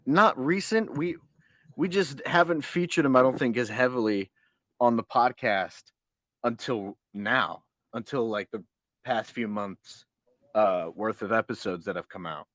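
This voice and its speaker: A man's voice: mid-range voice, unhurried, fairly bright tone, dry recording. A man co-hosting a podcast at home, chatting playfully and coaxing his dog toward the mic. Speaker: podcast co-host. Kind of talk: casual chat. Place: home, on a couch.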